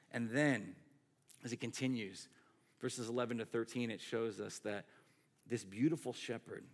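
A man preaching a sermon as a pastor, in a conversational, animated way with frequent asides to the congregation. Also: mid-range voice, creaky.

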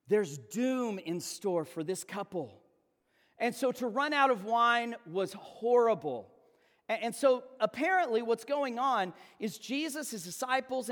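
A man preaching a sermon to students, retelling a story in a lively, conversational way with frequent restarts. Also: high voice, in a large hall. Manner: animated storytelling, repeats words, addresses students.

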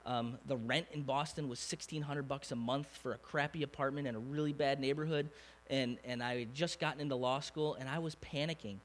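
A man's voice: mid-range voice, a little fast. A man, preaching a conversational sermon full of questions to the congregation. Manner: animated, conversational preaching with rhetorical questions to the crowd. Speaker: pastor.

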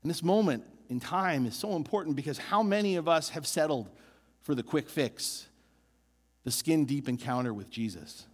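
Animated male preacher in a reverberant hall. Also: fairly high pitch, moderate pace. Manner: animated, building emphasis with repeated phrases. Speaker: pastor. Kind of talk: sermon.

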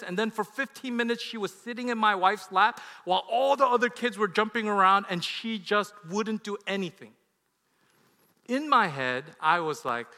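Man, 30s, pastor, sermon storytelling, bright tone, long hall reverb. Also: lively intonation, normal speed. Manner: confessional storytelling that swings from loud outbursts to hushed, low lines.

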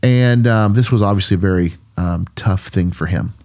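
A male pastor talking on his podcast, voice sitting a little low. He tells stories earnestly and musingly, restarting his sentences as he goes. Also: moderate pace, a little mellow. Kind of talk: conversational podcast storytelling.

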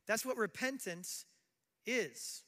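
A man's voice: high-pitched, expressive, slow pace, sharp tone, long reverb tail. A middle-aged man preaching a sermon as pastor, conversational, often acting out quoted apologies.

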